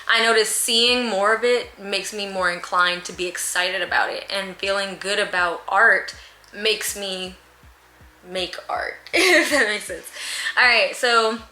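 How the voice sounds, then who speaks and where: A young woman vlogs from a room at home with a fan running, answering viewer questions candidly and chattily with slang and laughter. Her medium-pitched voice is bright and forceful, and the room sounds echoey.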